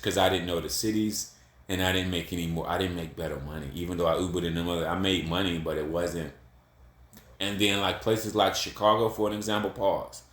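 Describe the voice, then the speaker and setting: A man's voice: low-pitched, a bit bright. Blunt man from Ohio, echoey room. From Columbus, Ohio. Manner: blunt, repetitive, swears, laughs at himself. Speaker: vlogger. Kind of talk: casual advice monologue.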